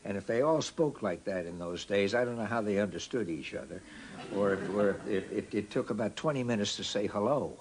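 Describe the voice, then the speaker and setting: A man's voice: on the low side, lively intonation, a little fast, background noise. A man speaking in an interview, joking in an exasperated way. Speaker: actor interviewed.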